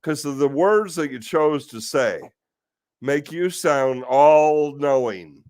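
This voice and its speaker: A man's voice: on the high side, slow pace, a little mellow, clean tone, no room sound. A man hosting a casual talk stream, ranting in exasperation with rhetorical questions and the odd curse. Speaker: host of a live talk stream.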